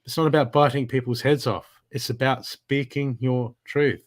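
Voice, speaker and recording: A man's voice: medium pitch, steady tone, normal speed. A man giving a live spiritual card reading, talking in an emphatic, repetitive coaching way. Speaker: intuitive card reader.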